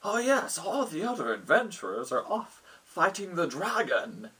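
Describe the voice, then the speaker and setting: A man's voice: high-pitched, big pitch swings, measured pace, sharp tone, breathy edge, pitched above the performer's own voice, heavily acted. A man voicing a puzzled male town guard in a retold tabletop game. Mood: surprised.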